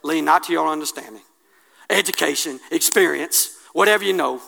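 A man preaching a sermon, colloquial and impassioned, swinging from hushed asides to loud declarations. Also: fairly high pitch, a little fast, gravelly.

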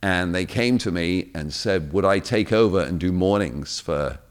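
English male radio personality, deep low voice, chatty anecdotal delivery. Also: unhurried, clean tone. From England. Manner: lively storyteller, acts out quotes. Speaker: guest radio DJ. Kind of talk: casual chat, anecdotes.

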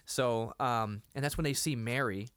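A man's voice: medium pitch, normal speed, a bit bright, clean tone, no room sound. A man co-hosting a podcast, casually retelling a TV episode and acting out the scenes with frequent laughs. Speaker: podcast co-host.

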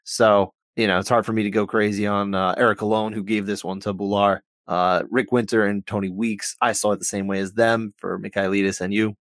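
A man co-hosting a podcast, talking through scores in a measured way, thinking out loud with frequent restarts. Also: fairly low pitch, flat delivery, no echo. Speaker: podcast co-host. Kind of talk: casual podcast chat about fight scoring.

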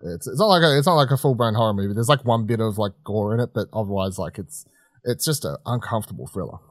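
A man's voice: fairly low pitch, lively intonation, quick pace, no echo. Casual male co-host, dry close sound, loose rambly delivery with plenty of swearing and laughs. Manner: rambling, restarts, swears freely; laughs often while telling stories. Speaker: podcast co-host. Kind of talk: casual chat reviewing films.

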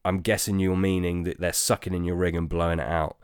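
A man hosting a casual chat, answering listener questions in a relaxed, rambling way with lots of ums and restarts. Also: sits low, fairly quick, clear, resonant tone, no echo, clean studio sound. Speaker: podcast host.

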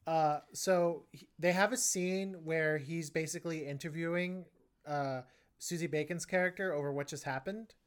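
A woman's voice: low voice, moderate pace, clean tone. A woman co-hosting a casual movie review podcast, rambling with many restarts. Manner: rambling, frequent restarts and laughs. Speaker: podcast co-host.

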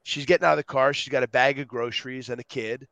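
A man on a podcast as a guest, talking with energy and acting out quotes in lively voices. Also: medium pitch, fast talker, creaky, no room sound, muffled recording. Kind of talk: animated interview talk.

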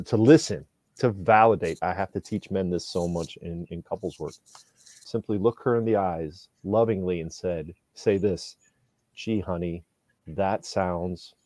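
A man's voice: on the low side, no echo. A man from Indiana, a couples therapist, talking animatedly and emphatically in a casual podcast chat. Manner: animated, emphatic, swings loud and soft.

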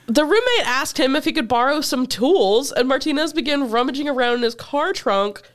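A woman's voice: sits high, animated, moderate pace. Chatty laughing woman co-host. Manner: laughs often, chatty, says "like" a lot. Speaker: podcast co-host. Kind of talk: casual chat, reading a news story aloud.

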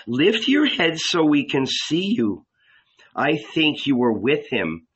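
A man's voice: sing-song, takes it slowly, a bit bright, husky, heavily acted. A man reading aloud lifts his voice into a young servant woman in a storybook reading, bold and accusing. She presses her point with a taunting edge. The recording is slightly dull. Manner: taunting, raised pitch.

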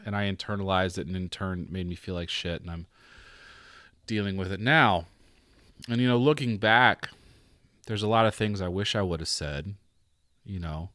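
A young man hosts a podcast and tells a personal story in a relaxed, chatty way. He slips into other people's voices when he quotes them and laughs often as he goes. His voice sits a little low, and the recording is dry and close. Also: dry recording. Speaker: podcast host. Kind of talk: casual storytelling monologue.

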